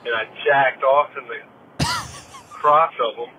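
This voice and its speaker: A man's voice: medium pitch, steady tone, slow, pushed and bright, muffled recording, a little hiss or hum. A man with a Southern US accent calling in to confess a crude, boastful revenge story by voicemail. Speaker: caller.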